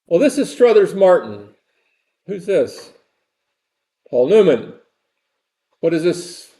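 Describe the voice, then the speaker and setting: A man's voice: high-pitched, big pitch swings, slow pace, warm tone. An older man giving a rambling, conversational university lecture and repeating his phrases.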